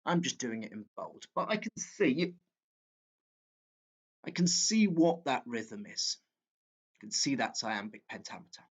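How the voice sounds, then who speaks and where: A male teacher walks students through exam technique at an unhurried, drawn-out pace. He speaks haltingly, pausing on fillers and correcting himself as he goes. His pitch sits in an ordinary middle range for a man. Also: expressive, breathy edge. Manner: slow, halting, with frequent fillers and self-corrections. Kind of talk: exam walkthrough lesson.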